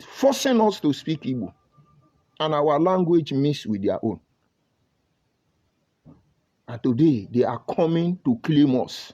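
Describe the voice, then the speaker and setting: A man's voice: a little high, darkish tone. A man with a Nigerian accent delivering a heated, scolding monologue full of rhetorical questions. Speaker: commentator. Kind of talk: impassioned monologue. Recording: dull lo-fi audio.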